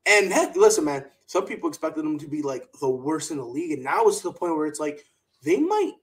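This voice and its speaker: A brisk male sports podcast host with a voice on the high side is heard on a low-quality recording. His rants are heated and animated, laced with strong opinions and mocking quotes in a put-on voice.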